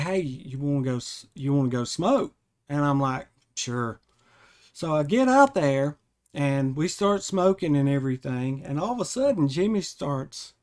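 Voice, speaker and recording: A man with a somewhat high voice tells a story on his podcast at an unhurried, drawn-out pace. He rambles and backtracks as he goes. His retelling is casual and animated. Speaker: podcast host.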